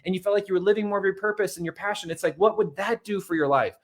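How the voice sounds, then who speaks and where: A man in his thirties giving a fast, repetitive motivational talk on money and marriage, often calling his listeners "guys.". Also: high-pitched. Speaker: host.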